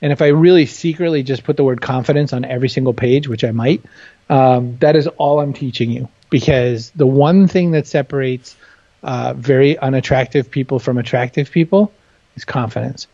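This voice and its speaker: A man's voice: mid-range voice, moderate pace, dark tone, no echo, lo-fi sound. A man talking candidly and with humor as an interview guest, often self-deprecating. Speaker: guest author. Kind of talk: casual interview chat.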